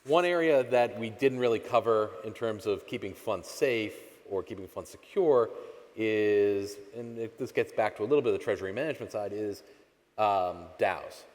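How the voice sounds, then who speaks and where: A man with a Boston accent moderating a conference panel, casual and joking. His voice sits a little low and rings with the long reverb of a large hall. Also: normal speed, a little mellow.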